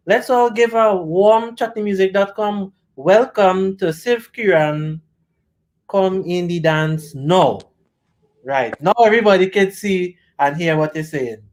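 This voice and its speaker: A woman's voice: mid-range voice, measured pace, a little mellow. A woman hosting a casual live-stream interview, chatty and joking, rambling as she goes. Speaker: host.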